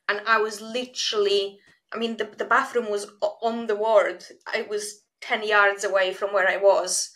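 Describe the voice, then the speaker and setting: Brief: female host, bright and sharp timbre, candid and halting. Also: mid-range voice, flat delivery, low-quality recording. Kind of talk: casual chat.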